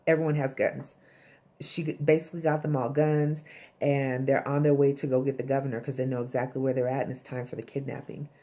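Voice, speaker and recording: A woman with a low, mellow voice walks through a TV episode in casual recap mode. She talks bluntly, swears freely and slips into the characters' lines as she goes. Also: little pitch movement, brisk. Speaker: TV episode reviewer.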